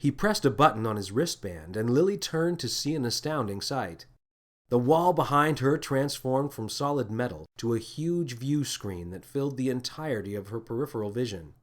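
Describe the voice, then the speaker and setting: A man reading his own children's space adventure in a lively, expressive storybook narration. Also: mid-range voice, moderate pace.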